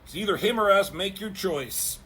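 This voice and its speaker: A man's voice: high-pitched, moderate pace, sharp tone, breathy edge, pitched above the performer's own voice, exaggerated voice. A man voicing a brutal alien warrior, pushy and swearing. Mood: urging. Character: brutal male alien warrior, impatient, scornful.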